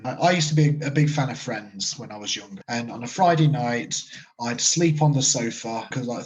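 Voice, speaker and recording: A British man in his thirties, a medium, telling spooky personal stories in a rambling, casual way full of fillers. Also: fairly high pitch. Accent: British English. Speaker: guest, medium. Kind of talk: storytelling interview. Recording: muffled lo-fi audio.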